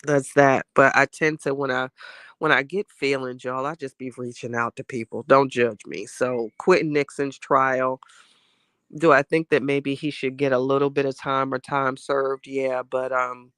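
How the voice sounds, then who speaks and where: A man's voice: medium pitch, fairly even intonation, normal speed, a bit bright, clear, resonant tone, no room sound, studio quality. A man hosting a casual chat show, talking candidly and at length while getting over a cold. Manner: candid, rambling, heartfelt commentary. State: has a cold. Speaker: host.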